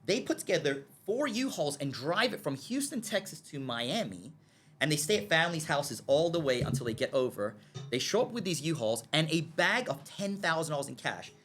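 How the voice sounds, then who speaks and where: With faint music in the background, a man speaking as a podcast guest tells a story at a moderate pace in a fairly high-pitched voice. He acts out the scenes' dialogue, checks in again and again with "okay?", and stammers over repeated words when he gets excited.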